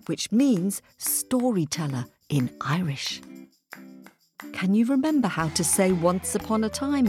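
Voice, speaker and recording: Playful woman host of a kids' story show, unhurried, lively pitch, music underneath. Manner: chatty, playful, quizzing listeners. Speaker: podcast host. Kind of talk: children's podcast introduction. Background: background music.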